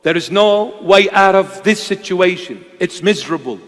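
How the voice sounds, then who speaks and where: A man's voice: high voice, expressive, moderate pace, a bit bright. A man preaching a sermon with impassioned, emphatic delivery, sometimes acting out voices. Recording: long hall reverb.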